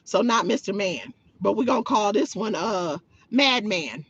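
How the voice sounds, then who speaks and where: A woman's voice: medium pitch, expressive, a little slow, fairly bright tone, breathy edge, highs cut off. A woman hosting a livestream in a sassy, mocking way, talking to her chat. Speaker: livestream host. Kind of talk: livestream chat reacting to viewers.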